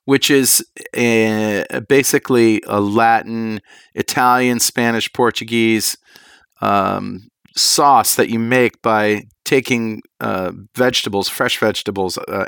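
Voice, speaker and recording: A man co-hosting a cooking podcast, describing recipes in a rambling, relaxed way and laughing easily. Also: fairly low pitch, measured pace, smooth, no room sound, studio quality. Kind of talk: casual chat.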